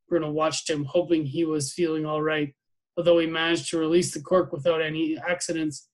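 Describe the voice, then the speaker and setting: A man teacher reading a novel aloud to his class, steady with small slips and restarts. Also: a little high, brisk, poor audio.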